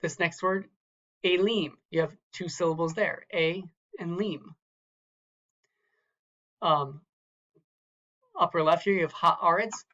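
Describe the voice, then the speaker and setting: A man's voice: a little high, unhurried, pauses often, sharp tone, dull audio. A man teaching a recorded lecture from slides, carefully sounding out words syllable by syllable and repeating them. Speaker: Hebrew teacher.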